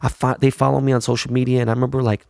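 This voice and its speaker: A man's voice: medium pitch, level tone, very fast, vocal fry, a little mellow, dry recording, clean studio sound. A middle-aged man hosting a podcast, rambling through a casual, profane and hyped monologue. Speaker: podcast host.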